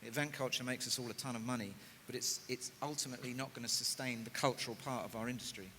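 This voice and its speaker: A man on a music industry panel talks in a thoughtful, measured way. His mid-range voice is bright and forceful. Long hall reverb and faint noise surround it. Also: mid-range voice, steady tone. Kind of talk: panel discussion. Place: conference stage in a large hall.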